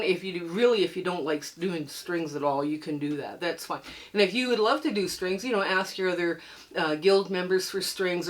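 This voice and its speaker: An older woman from Canada hosting a quilting channel, chatting casually and upbeat with frequent laughs, a bit under the weather and coughing. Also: medium pitch. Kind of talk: casual tutorial chat to camera.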